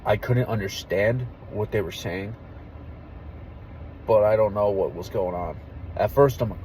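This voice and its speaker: A young man, an army veteran, tells a story in a low, mellow voice, candid and full of casual swearing. He lowers to a near hush when the story turns tense. Faint traffic noise from outside sits under his voice. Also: unhurried, long pauses, poor audio. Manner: candid, profane, drops to a hush for tense moments.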